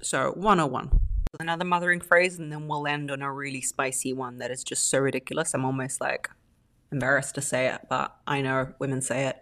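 A woman's voice: very deep voice, steady tone, a little fast, a bit bright. A woman hosting a podcast, giving blunt relationship advice and acting out the phrases she quotes in mocking voices. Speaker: podcast host.

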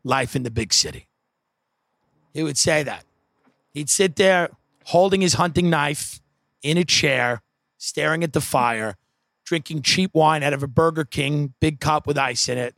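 A man's voice: medium pitch, measured pace, creaky, a bit bright, dry recording, studio quality. A man doing stand-up, telling a rambling story in a wry, profane way with many asides. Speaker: comedian.

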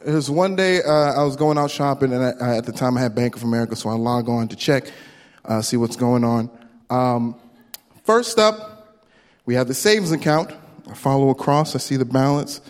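A man doing a stand-up comedy set, telling a story with quick voice impressions into a handheld stage mic at a live venue. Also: mid-range voice. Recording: long hall reverb, faint room noise.

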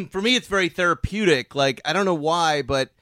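A man hosting a podcast, chatting casually and teasing his guest with compliments, a faint softened Boston accent. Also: a little high, lively intonation, moderate pace, no echo, studio quality. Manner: warm, joking, teasing compliments. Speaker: podcast host. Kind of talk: casual chat over a call.

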